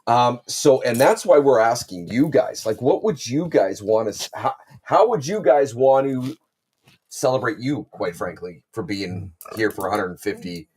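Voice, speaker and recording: A man co-hosting a podcast in casual chat, animated and repeating "do you know what I mean". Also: mid-range voice, normal speed, breathy edge. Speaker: podcast co-host.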